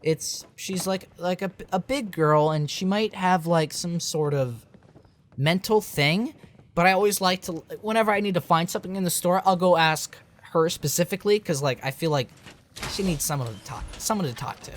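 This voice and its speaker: Young man, slightly high voice, rambling late-night vlog rant, filler-heavy. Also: normal speed. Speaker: game reviewer.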